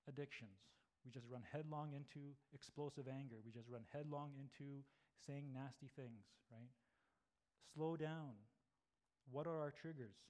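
A man's voice: on the high side, darkish tone. Conversational preacher man, often asking "right?". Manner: conversational, frequent "right?" tag questions, acts out inner voices. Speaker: pastor. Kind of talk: sermon.

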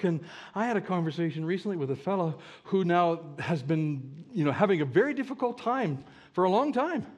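A middle-aged man preaching, his voice pitched high and swinging widely from line to line. He throws rhetorical questions at the congregation and leans into emphatic, animated phrasing. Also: moderate pace. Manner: animated, rhetorical questions, mock-whiny quoting. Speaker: pastor. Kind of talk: sermon.

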